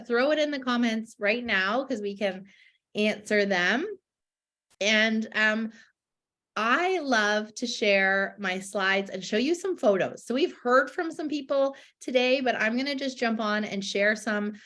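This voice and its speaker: A woman's voice: on the high side, a bit bright. A woman hosting a casual live-stream chat, upbeat and chatty with many fillers. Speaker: host.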